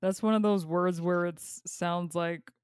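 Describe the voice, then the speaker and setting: A woman co-hosting a podcast in casual chat, making short deadpan remarks. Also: lowish voice, measured pace, smooth, no echo, clean studio sound. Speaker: podcast co-host.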